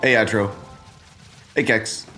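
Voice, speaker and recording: A slow, steady, fairly low male voice comes over music as a man livestreams a game from a home green-screen setup. Congested from having just woken up, he chats and rambles casually, calling out viewers by name.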